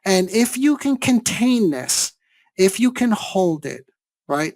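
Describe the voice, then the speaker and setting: A man's voice: high-pitched, big pitch swings, slow pace, darkish tone, no echo. A man giving a seminar lecture on therapy, explaining step by step and checking in with rhetorical questions. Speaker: psychologist teaching a seminar.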